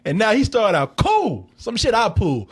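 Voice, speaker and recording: A man hosting a casual film review, animated and profane, laughing often and acting out scenes. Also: sits high, moderate pace, husky.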